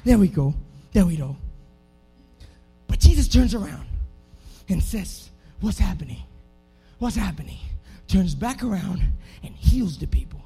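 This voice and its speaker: A young man preaching a lively sermon in a church, moving from hushed talk to shouting and acting out scenes. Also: high-pitched, measured pace, pauses often, breathy edge, faint music behind. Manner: animated, swings from hushed to shouting, acts out scenes. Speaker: pastor.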